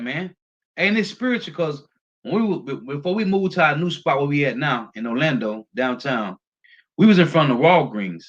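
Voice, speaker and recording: A man preaching a street-style sermon, reading scripture aloud and talking emphatically, often ending phrases with a low, tossed-off "man.". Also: a bit bright, muffled recording.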